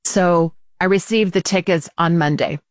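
A woman tells a story in casual chat, lively and laughing as she acts out what people said. Her voice sits a little low. The sound is dry and close. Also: moderate pace, no room sound.

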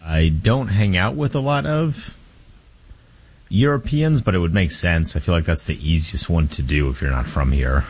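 Low, husky male radio co-host. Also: lively intonation, moderate pace. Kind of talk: sports talk radio.

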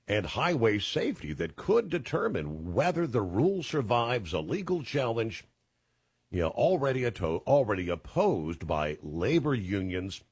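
A low-pitched man hosts a late-night call-in radio show. His speech rises and falls a lot, and the tone is slightly husky. The recording is dry and close to the mic. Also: dry recording. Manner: folksy, drawling, with many fillers. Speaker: radio talk show host. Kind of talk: casual call-in radio talk.

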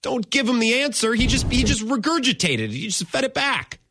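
Animated, bright-voiced male sports radio host. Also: very high-pitched, brisk, a little hiss or hum. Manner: emphatic, mock-exasperated ranting. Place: radio studio.

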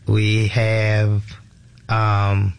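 A man's voice: on the low side, completely flat delivery, extremely slow, vocal fry, clean tone. A man, a museum educator explaining animals in an informal, easygoing way. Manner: informal, explanatory, frequent fillers and restarts. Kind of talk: casual radio interview.

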